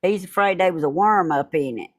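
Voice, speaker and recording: A woman's voice: on the low side, a little fast. A middle-aged woman hosting a home video, chatting casually and laughing often. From Georgia. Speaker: YouTube host. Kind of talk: casual chat.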